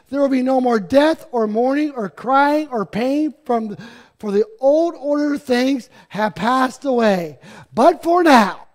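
Preacher, man, fifties, unusually high-pitched voice, earnest sermon with joking asides. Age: 50s. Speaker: pastor. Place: church sanctuary.

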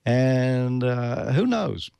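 A relaxed, plain-spoken man co-hosting a ham radio show as he wraps up the episode. His voice is mid-pitched and recorded dry and close. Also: very slow, creaky, smooth, no room sound. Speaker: co-host. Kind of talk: casual show sign-off.

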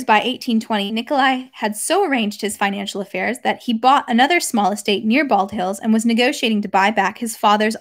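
A young woman reading a long classic novel aloud, steady, with occasional slips and restarts. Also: a little high. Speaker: reader.

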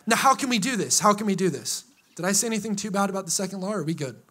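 A man preaching a sermon to a live congregation, energetic and joking with them, rising to excited shouts. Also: high voice, rapid-fire. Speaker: pastor. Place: church hall before a live congregation.

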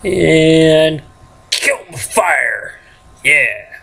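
A man's voice: a little high, animated, very slow, vocal fry, a bit bright, husky. A man hosting a game let's play, rambling casually and chuckling to himself as he plays. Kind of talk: casual gameplay commentary.

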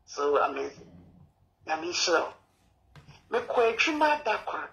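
A woman's voice: on the low side, very animated, measured pace, vocal fry, a bit bright, poor audio. A woman calling in to an advice show, rambling through her story in broken English. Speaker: caller. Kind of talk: phone-in conversation.

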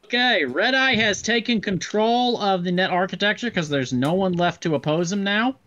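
A man narrating a tabletop game as game master, slow and full of fillers. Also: high voice, sharp tone, a little hiss or hum. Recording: dull lo-fi recording.

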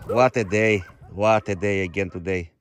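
A middle-aged man who runs an animal shelter, chatting casually on camera in halting, non-native English and coaxing his dogs fondly. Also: sits low, steady tone. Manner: fond, coaxing talk to the dogs. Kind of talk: casual vlog narration.

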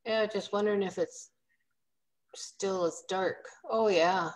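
A woman's voice: medium pitch, slow, poor audio. A woman guest on a crafting live stream, chatting casually and asking curious questions. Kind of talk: casual chat.

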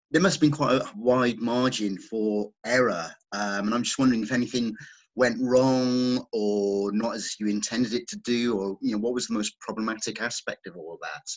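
A man's voice: on the low side, highs cut off. A man interviewing a film director, asking long, wandering questions with lots of hesitation.

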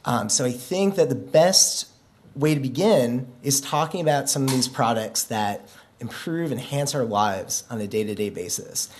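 A man's voice: medium pitch, moderate pace, darkish tone, a little hiss or hum. Joking, conversational male policy speaker. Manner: joking, self-deprecating, conversational. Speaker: conference speaker, policy director. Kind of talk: humorous conference speech. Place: conference venue.

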